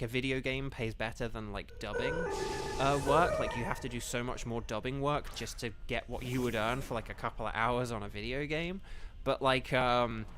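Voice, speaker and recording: A man's voice: medium pitch, fairly bright tone. A young man chatting casually on a live game stream, rambling with lots of fillers and apologies, speaking into a desk microphone at home.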